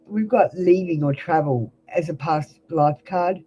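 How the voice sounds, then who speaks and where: A woman's voice: on the low side, measured pace, few pauses, mellow, highs cut off, a little hiss or hum. Blunt Australian woman reading tarot live. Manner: blunt, chatty, addresses viewers by name. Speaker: tarot reader.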